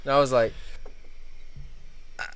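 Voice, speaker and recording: A man's voice: measured pace, a bit bright. A man co-hosting a podcast, telling everyday work stories in casual chat and chuckling as he goes. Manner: chuckling anecdotal storytelling. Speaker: podcast co-host.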